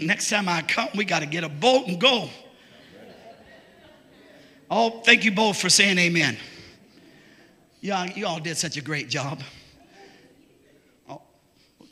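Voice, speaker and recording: A man preaching a sermon to a church, folksy and joking, rising often into shouts. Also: sits high, big-room sound.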